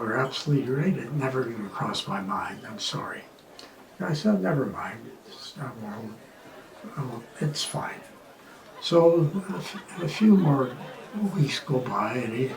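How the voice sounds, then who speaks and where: A man's voice: mid-range voice, unhurried. Roomy far-off male joke-teller. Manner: animated storyteller, loud punchlines, drops to near-whispers for asides. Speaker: joke-telling comedian. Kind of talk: telling jokes to an audience. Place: outdoor street performance. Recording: roomy, from a distance with ambient noise.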